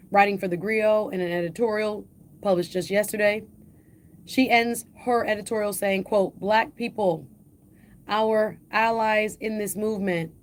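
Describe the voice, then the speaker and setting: A woman host with a Jamaican accent, reading an editorial aloud and commenting on it, slowing down and lifting her voice on key phrases. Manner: emphatic, slows and lifts pitch on key phrases.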